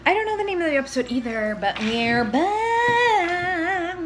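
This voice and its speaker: Brief: young woman, bright lively voice, animated swearing recap co-host, faint hiss behind. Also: extremely high pitch, measured pace. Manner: animated, swearing, acts out reactions. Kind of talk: casual TV recap chat.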